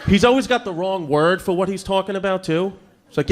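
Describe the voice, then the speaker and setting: A man's voice: high-pitched, fairly quick, noisy background. A man in his thirties doing a stand-up comedy set, with an exasperated, mocking, punchy delivery.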